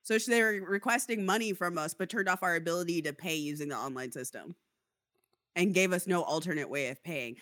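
A woman's voice: fairly low pitch, fairly quick, dry recording, studio quality. A woman in casual chat, angrily telling a story about a landlord dispute and acting out both sides. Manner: indignant, animated storytelling with mock quotes. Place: Seattle area.

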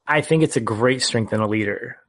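A man's voice: mid-range voice, a little fast, fairly bright tone. A man co-hosting a casual film podcast, earnestly retelling scenes and his reactions. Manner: earnest, storytelling recap. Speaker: podcast co-host.

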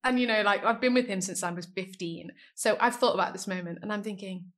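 Woman in her thirties, podcast guest, lively storyteller who acts out quotes. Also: fast talker. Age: 30s. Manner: animated, acts out quotes with big pitch jumps. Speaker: guest singer. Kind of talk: casual storytelling chat.

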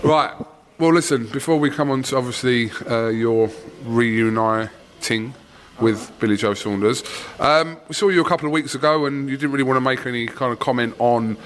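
A man's voice: mid-range voice, normal speed. A man with an Essex accent hosting a casual sports podcast interview, chatty and swearing freely, asking long rambling questions.

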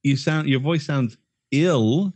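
A man's voice: on the high side, takes it slowly, a little mellow, no room sound. A man co-hosting a podcast in casual chat, joking and teasing, often stumbling and restarting his sentences. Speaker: podcast co-host.

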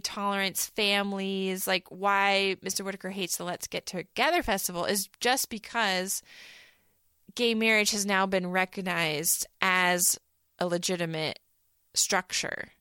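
A woman co-hosts a podcast in a casual, animated manner, slipping into sarcastic mock voices when she quotes others. Her voice sits at a middling pitch and sounds close and dry, with no room around it. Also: a little slow, clear, resonant tone, no room sound. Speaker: podcast co-host.

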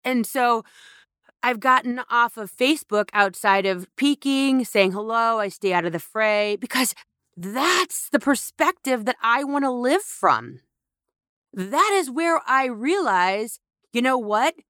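A woman's voice: fairly high pitch, lively intonation, pushed and bright, no room sound, clean studio sound. A woman hosting a podcast, talking through a reflective spiritual monologue with emphatic repetition. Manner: slow, emphatic, repeats phrases for effect. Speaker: podcast host.

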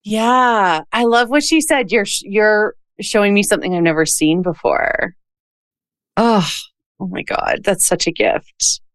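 A woman's voice: mid-range voice, animated, unhurried, no echo, studio quality. A woman hosting an interview, reacting with feeling and asking follow-up questions. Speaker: interview host. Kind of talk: conversational interview.

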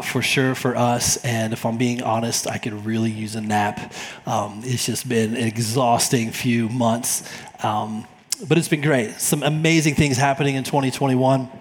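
A man in his forties, a pastor, opening his sermon in a relaxed, chatty way with some fillers and restarts. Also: mid-range voice. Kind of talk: friendly sermon introduction. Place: church auditorium. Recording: long church hall reverb.

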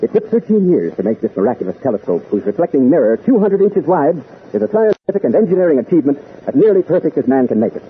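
Man, earnest announcer, scripted talk, animated pitch, tinny 1940s radio sound. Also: fast talker. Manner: earnest, addresses listeners as gang. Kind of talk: scripted public-service talk. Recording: tinny old radio broadcast with faint noise.

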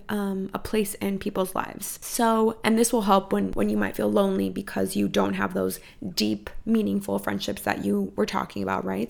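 A woman's voice: mid-range voice, creaky, a little mellow. A woman in her thirties hosting a solo podcast, giving candid, chatty advice with casual swearing and playful asides. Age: 30s. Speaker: podcast host.

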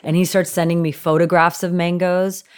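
Female guest from Canada, lower register, lively storyteller who laughs a lot. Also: normal speed, clear, resonant tone. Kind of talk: casual storytelling chat.

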